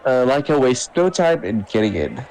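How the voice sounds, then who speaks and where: A man's voice: medium pitch, very animated, moderate pace, a little mellow, a faint crowd, poor audio. A man talking casually as a player in a tabletop game.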